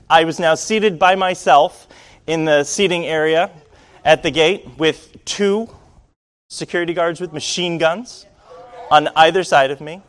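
A man from Rhode Island telling a personal story to an audience in a wry, self-deprecating, lively way. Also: fairly high pitch, moderate pace. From Rhode Island, USA.

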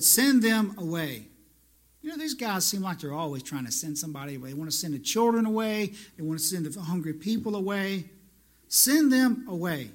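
A man preaching to his congregation in a church, with a high-pitched voice. His tone is bright and ringing. He talks like he is chatting with friends, then presses his point with emphatic, repeated phrases. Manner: conversational preaching, rising to emphatic repetition. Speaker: pastor. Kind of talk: sermon.

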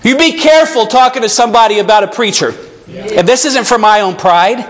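A man's voice: sits high, fairly quick. A male pastor preaching an earnest sermon to his church and reading scripture aloud. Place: church sanctuary.

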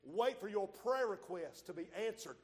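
High-voiced preacher in a reverberant hall. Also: male voice, animated. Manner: swings from loud shouting to low, quiet asides; drawls key phrases slowly. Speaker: pastor. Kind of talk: sermon.

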